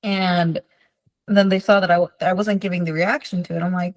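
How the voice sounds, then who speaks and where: Lower-pitched woman telling client stories. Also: brisk, low-quality recording. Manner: tells client stories, acting out quoted lines in a lively way. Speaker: behavior specialist. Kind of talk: conversational teaching with stories.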